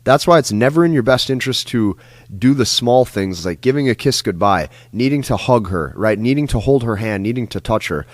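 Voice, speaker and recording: A man's voice: mid-range voice, lively intonation, brisk, no echo. A man giving a lecture-style dating advice monologue, talking emphatically and repeating himself, often tagging lines with "like" and "right?". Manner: emphatic, repetitive, frequent "like" and "right?". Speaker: dating coach.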